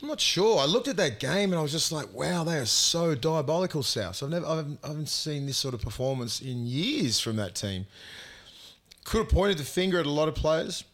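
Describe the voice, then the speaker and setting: An Australian man co-hosting a casual chat, relaxed and blunt, swearing as he gives his opinions. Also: a little high, fairly quick. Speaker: podcast co-host. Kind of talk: casual chat and sports talk.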